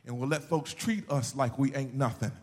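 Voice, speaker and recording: A man preaching a sermon, telling a story and building to shouted, sing-song peaks. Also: mid-range voice, moderate pace. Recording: long hall reverb, faint music behind.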